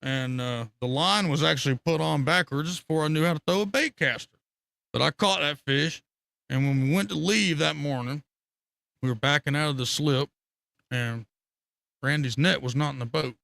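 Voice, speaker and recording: A man's voice: on the high side, normal speed, gravelly, dry recording. A man telling rambling, profane fishing stories on a casual live stream. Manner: rambling, profane, animated storytelling with laughter.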